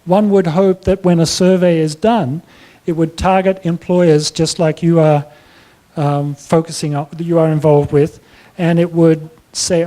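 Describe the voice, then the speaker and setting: A man giving a plenary talk at a conference, answering audience questions in a measured, explanatory way. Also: fairly high pitch, steady tone, dark tone. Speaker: plenary speaker. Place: conference hall.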